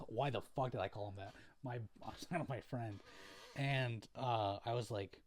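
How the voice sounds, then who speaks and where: A young adult man talking casually to camera, rambling through a recap with plenty of swearing and filler words. His voice sits at an ordinary middle pitch, loose and unhurried in manner. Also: slight background noise. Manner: rambling, profane, filler-heavy, laid-back. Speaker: video creator.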